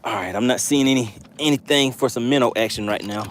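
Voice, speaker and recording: A man hosting a fishing livestream from a boat outdoors, excitable, calling out catches and chatting with viewers. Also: mid-range voice, fast talker, a little hiss or hum. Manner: excitable, reads chat aloud, exclaims. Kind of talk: live fishing stream chat.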